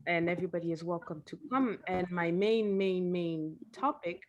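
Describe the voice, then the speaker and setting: Lady nlp coach on a video call, lowish voice, calm guided breathing, soft and slow. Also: muffled recording, a little hiss or hum. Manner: soft, slow and soothing when guiding the breathing. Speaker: NLP coach and guest speaker. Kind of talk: guided breathing exercise and seminar talk. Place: home, late at night.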